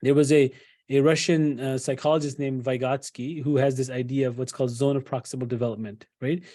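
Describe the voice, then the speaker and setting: This middle-aged man speaks to parents as a psychologist in a conversational lecture, his voice medium in pitch, steady, dark, and fairly fast. He leans on fillers, tosses in "right?" again and again, and acts out the kinds of things a parent might say.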